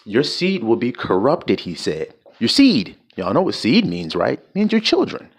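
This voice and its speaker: A man's voice: mid-range voice, huge pitch swings, normal speed. A man preaching an informal sermon, blunt and profane, firing rhetorical questions at his listeners.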